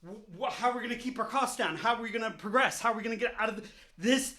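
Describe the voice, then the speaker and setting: A man's voice: extremely high pitch, fast, sharp tone. A man delivering an angry, profanity-laced political rant on his vlog, heated and repetitive, openly furious. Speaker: vlogger.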